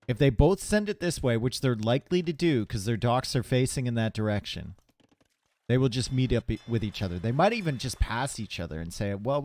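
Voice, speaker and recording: Man, esports caster, casual and chatty, mid-pitched voice, home stream, desk mic. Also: darkish tone, no room sound. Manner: casual, chatty, talks to chat between plays. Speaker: tournament caster. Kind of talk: live esports commentary.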